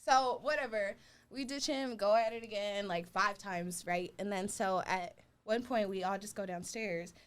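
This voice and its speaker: A woman's voice: mid-range voice, moderate pace, clean tone. A young woman telling a story in casual chat, laughing often and acting out what others said. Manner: animated, laughing often, acting out quoted voices.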